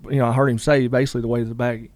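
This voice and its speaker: A man's voice: mid-range voice, flat delivery, rapid-fire, darkish tone, no room sound. A man, a guest telling a long story in a casual interview, rambling with lots of "you know" asides.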